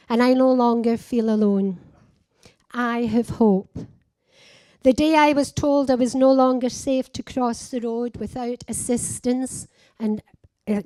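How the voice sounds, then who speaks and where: Older Scottish woman, slightly high, dry sound, speaking slowly and simply from the heart at a conference podium. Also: warm tone, clear, resonant tone, no room sound. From Scotland. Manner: slow, simple heartfelt phrasing. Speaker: conference speaker living with dementia. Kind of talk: personal speech at a conference. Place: conference hall.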